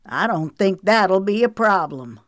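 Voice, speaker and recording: A woman's voice: mid-range voice, lively intonation, unhurried, dry recording, clean studio sound, voice pushed up, lightly acted. A woman voicing a snarling older sheriff. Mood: menacing. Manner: snarling, malicious. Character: older man, sheriff, menacing and cold.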